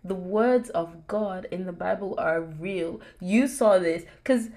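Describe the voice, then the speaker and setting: A woman's voice: fairly low pitch, slow, a little mellow. A woman host talking about faith in an affirming, emphatic way. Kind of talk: casual faith talk.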